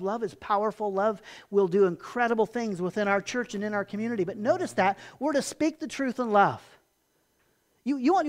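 A pastor giving a sermon in a conversational way, repeating words, getting loud for emphasis and then dropping quiet. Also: male voice, high-pitched.

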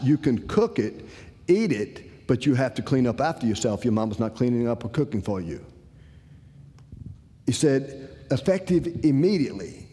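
A man's voice: medium pitch, normal speed. A man telling a personal story to an audience, acting out the dialogue. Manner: animated, acts out the dialogue. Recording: long hall reverb.

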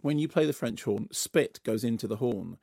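A British man co-presents a radio show, telling wry, teasing anecdotes as a film critic. His voice is dark and gravelly. It sounds close and dry in the studio. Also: medium pitch, lively intonation, normal speed, no echo. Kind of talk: casual radio chat. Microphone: studio microphone.

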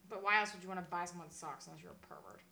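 A woman's voice: on the low side, big pitch swings, rapid-fire, bright, forceful tone. A woman co-hosting a podcast in casual chat, reacting to a story with disgust and short interjections. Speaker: podcast co-host.

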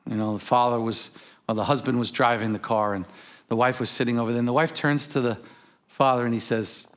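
A man preaching a sermon as pastor, swinging between hushed, intimate lines and sudden shouted exclamations, with casual storytelling asides. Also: medium pitch, steady tone, a little fast.

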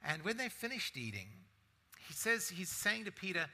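A man's voice: high-pitched, big pitch swings, moderate pace, sharp tone. A man preaching a sermon as a pastor, in a conversational style full of rhetorical asides to the congregation.

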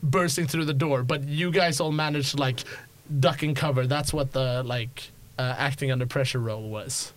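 A man's voice: medium pitch, fairly even intonation, moderate pace. A young man narrating as game master of a tabletop game, rambling with many fillers and restarts. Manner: rambling, lots of likes and restarts.

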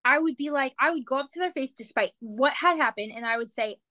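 High-voiced, passionate young woman podcaster. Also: fast, bright, forceful tone, dry recording. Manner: passionate, emphatic. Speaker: podcast co-host. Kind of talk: casual chat.

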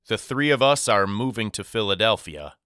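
A man voicing a loving, soft-spoken father talking to his two sons in an audiobook. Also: lowish voice, expressive, moderate pace, clean tone, no echo, clean studio sound. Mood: tender. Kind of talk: audiobook character reading.

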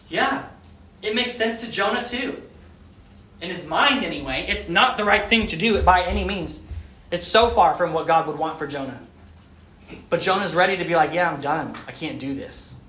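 Bright-voiced man preaching in an echoey room. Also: sits high, slight background noise. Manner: animated, asks the audience questions. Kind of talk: sermon.

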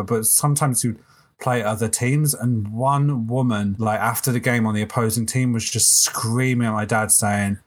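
Uk guy on a podcast, mid voice, gets animated telling a story. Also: mid-range voice, normal speed. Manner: animated storyteller, acts out quotes. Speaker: podcast co-host. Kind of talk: casual chat.

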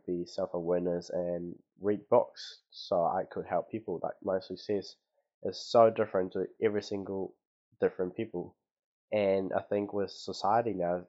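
A young man, hosting a casual solo podcast and rambling through his thoughts with many fillers and restarts. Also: low voice. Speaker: podcast host. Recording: dull lo-fi recording.

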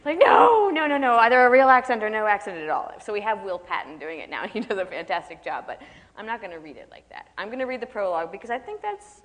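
A woman author on a live stage, chatting with self-deprecating laughs and reading aloud from her own novel. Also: fairly low pitch. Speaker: author guest. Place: live stage event in an auditorium. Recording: echoey hall reverb.

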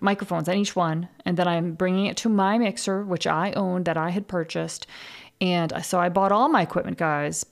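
A woman hosting a podcast, talking in a candid casual monologue, swearing freely and laughing at herself. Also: lowish voice. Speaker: podcast host.

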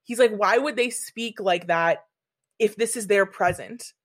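A woman's voice: mid-range voice, unhurried. Enthusiastic rambling woman reviewing films. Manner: enthusiastic, rambling, swears casually. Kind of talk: casual chat.

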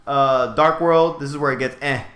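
A man's voice: mid-range voice, fairly even intonation, moderate pace, a bit bright. A man in a casual chat, ranking movies, laid-back and stammering through restarts. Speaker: podcast co-host. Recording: roomy echo.

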